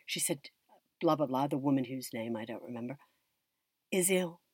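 A woman from the United States tells a personal story in an interview, reflective and unhurried, often trailing off and restarting. Her voice sits low and sounds husky. The recording is dry and close. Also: lively intonation, warm tone, dry recording. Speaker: actress and drama teacher being interviewed.

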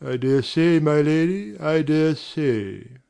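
A man's voice: on the high side, unhurried, dark tone. A man playing a formal, deferential butler in an amateur drama reading. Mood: respectful. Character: faithful, deferential male butler.

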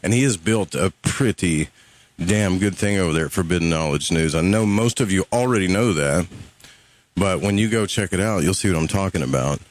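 A man's voice: low voice, brisk. A man with a Southern US accent hosting a live call-in radio show, talking casually and a little rambling. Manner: laid-back, rambling, swears casually.

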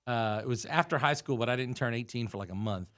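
A man's voice: mid-range voice, fast. A man in his forties from the United States, telling a story in casual chat and acting out the voices in it. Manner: animated storyteller who acts out quoted voices.

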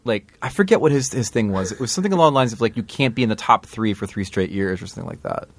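A man's voice: lowish voice, lively intonation, quick pace, no room sound. A man co-hosting a podcast in casual chat, joking, laughing often and restarting his sentences. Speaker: podcast co-host.

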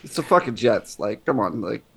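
A man's voice: fairly low pitch, very animated, normal speed, gravelly, slightly rough. A man co-hosting a sports podcast, ranting sarcastically and swearing in casual banter. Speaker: podcast co-host.

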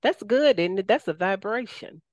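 A woman's voice: medium pitch, animated, normal speed, no echo, clean studio sound. A woman with a Southern US accent hosting a radio talk show, enthusiastic and folksy, often calling out to her listeners.

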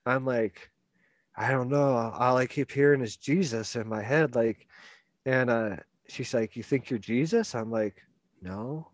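A man recounts a personal story in loose, rambling chat, often stumbling over his words and laughing along. His voice sits at an ordinary pitch. The sound is dry and close. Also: unhurried, no echo. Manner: rambling, animated, repeats words and restarts. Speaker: guest telling a story. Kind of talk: casual storytelling.

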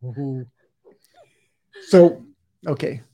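A man in his forties working as a stage hypnotist, giving repetitive suggestions that swing between loud and hushed. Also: mid-range voice, extremely slow, dull audio. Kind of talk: live hypnosis demonstration.

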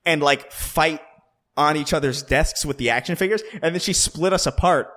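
A young man with a voice a touch higher than most men co-hosts a casual podcast. He swears freely and tells his stories with animated stops and restarts. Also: normal speed. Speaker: podcast co-host. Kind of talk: casual chat.

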